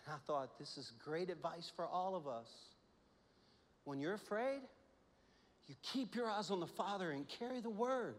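Man preaching, fairly high voice, animated storytelling, long church reverb. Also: moderate pace. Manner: animated storytelling, laughs often, swings from hushed to loud. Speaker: pastor. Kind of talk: sermon.

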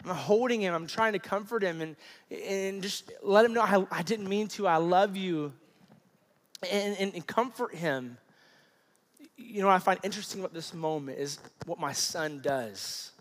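An animated man in his thirties delivers a storytelling sermon in a slightly high voice. He acts out the people in his story. His voice rings with a long reverb, as in a large hall. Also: moderate pace. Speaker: pastor.

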